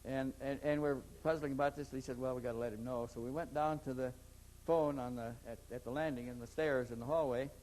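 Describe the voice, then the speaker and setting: A man's voice: medium pitch, fairly even intonation, brisk, darkish tone, slight background noise, rough recording. A man in an interview, telling a long story in a rambling way and often repeating his first words. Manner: rambling, repeats words when starting sentences. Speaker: interviewee recounting experiences. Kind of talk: anecdotal storytelling.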